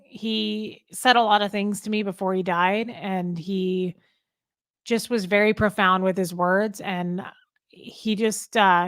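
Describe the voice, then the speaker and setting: A middle-aged woman talks through a live stream. Her voice sits at an ordinary pitch, sincere and a little rambling, with plenty of ums as she reads comments. The sound is dry and close, with no room echo. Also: a bit bright. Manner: heartfelt, rambling, with many ums. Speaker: host of a live chat. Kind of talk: casual live-stream chat reading comments.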